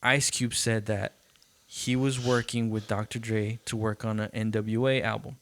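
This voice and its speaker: A man's voice: fairly low pitch, normal speed, dry recording. A man hosting a podcast in casual chat, telling stories animatedly and acting out quotes, with frequent swearing. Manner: animated storytelling, acts out quotes, swears freely. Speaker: podcast host.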